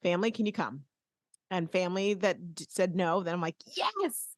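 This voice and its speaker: A woman co-hosting a podcast, chatting casually and telling stories with quick laughs. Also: fairly low pitch, no room sound, clean studio sound. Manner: chatty, animated storytelling with laughs. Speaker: podcast co-host. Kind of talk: casual chat.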